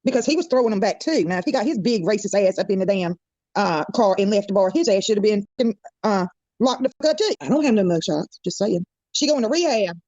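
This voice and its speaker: A woman's voice: medium pitch, lively intonation, fast talker, mellow, dry recording, muffled recording. A woman drama commentator delivering a blunt, profane, scornful rant on a live stream.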